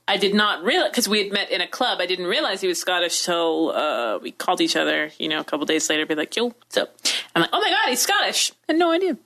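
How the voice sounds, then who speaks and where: A woman's voice: lowish voice, very animated, a bit bright. Woman co-host telling stories, chatty. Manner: chatty storyteller, quick asides. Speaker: podcast co-host. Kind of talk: casual chat.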